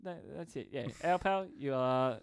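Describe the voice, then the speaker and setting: A man's voice: mid-range voice, lively intonation, measured pace, smooth, dry recording, clean studio sound. A young man co-hosting a podcast, talking casually, swearing, laughing and telling stories, with "mate" in every other sentence. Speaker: podcast co-host. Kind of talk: casual chat.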